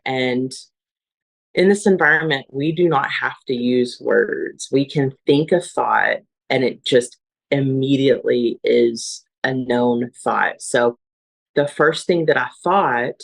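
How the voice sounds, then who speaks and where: Gravelly-voiced woman recounting a near-death experience. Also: rumbling low, rough recording. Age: adult with children. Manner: earnest, searching, restarts and fillers while recalling. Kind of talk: emotional personal testimony.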